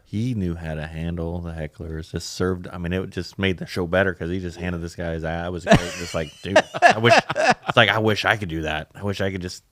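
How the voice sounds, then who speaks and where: Very deep-voiced man, easygoing. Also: steady tone, a little fast, few pauses, fairly bright tone, no room sound. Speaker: guest, comedy show producer. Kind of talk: casual interview chat.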